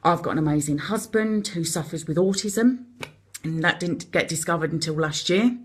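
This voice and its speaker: A woman with a Cockney accent hosting a live stream, chatting rapidly and encouragingly to her viewers. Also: low voice, breathy edge. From London. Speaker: host of a live support video. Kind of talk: casual live-stream chat.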